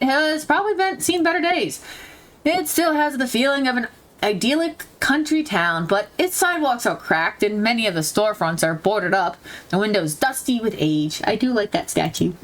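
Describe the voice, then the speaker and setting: A woman's voice: fairly high pitch, fairly bright tone. A young woman hosting a game playthrough, reading the story aloud and chatting playfully with giggles. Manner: playful, giggly, switches between narrating and chatter. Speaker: let's-play host.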